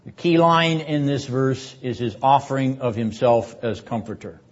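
An older man teaching a seminary class on scripture in a measured, deliberate lecture style. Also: mid-range voice. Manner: measured, deliberate delivery, rising in force for quoted verses. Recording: dull lo-fi lecture recording.

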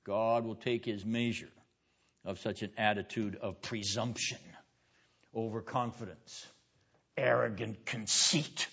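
A man's voice: fairly low pitch, fairly even intonation, measured pace, gravelly, a bit bright, breathy edge. Emphatic male lecturer in a classroom. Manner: emphatic, with rhetorical questions; quizzes students by name. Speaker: seminary lecturer. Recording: dull lo-fi classroom recording.

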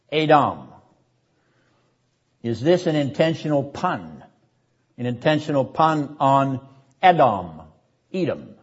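An older man teaching a seminary class on scripture, speaking deliberately and emphatically, repeating words for rhythm and often clearing his throat. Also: on the high side. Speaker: seminary lecturer. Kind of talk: classroom Bible lecture. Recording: dull lo-fi lecture recording.

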